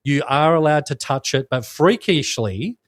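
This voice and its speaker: A man's voice: a little high, lively intonation, moderate pace, no echo, clean studio sound. An Australian man co-hosting a podcast, chatting casually in a rambling, jokey way and swearing now and then. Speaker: podcast co-host. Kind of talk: casual chat.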